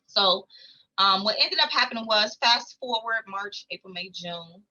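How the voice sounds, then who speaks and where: A woman vlogger telling a personal story to her viewers in an animated, chatty way. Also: mid-range voice, measured pace, highs cut off. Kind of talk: casual storytelling to camera.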